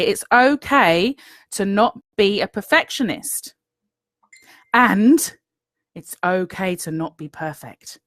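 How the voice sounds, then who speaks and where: A woman's voice: medium pitch, dry recording. A woman, giving an earnest, encouraging motivational talk to viewers and often checking in with "okay?". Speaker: business coach.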